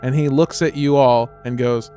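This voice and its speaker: A man's voice: mid-range voice, fairly even intonation, normal speed, mellow, soft background music. A man narrating a tabletop horror game as game master, casual and full of fillers.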